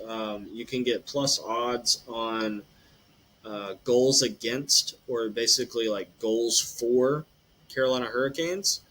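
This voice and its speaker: A man's voice: mid-range voice, a bit bright, rough recording. Male podcast host, mid-range voice, casual and meandering, filler-heavy, faint room hiss. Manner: rambling, filler-heavy, says "eh". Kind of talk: casual sports betting talk.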